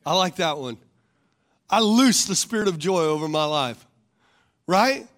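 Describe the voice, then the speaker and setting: High-voiced preaching man. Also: expressive, measured pace, a bit bright. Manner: rhetorical, calls for congregation responses; repeats questions for emphasis. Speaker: pastor. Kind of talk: sermon.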